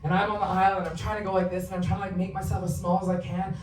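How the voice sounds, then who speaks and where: A woman's voice: lowish voice, flat delivery, quick pace, hardly any pauses. Woman, 30s, stand-up comic, confessional, profane, roomy echo, faint background noise. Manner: candid, profane, storytelling. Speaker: stand-up comedian. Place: theatre stage. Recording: roomy, distant live theatre recording.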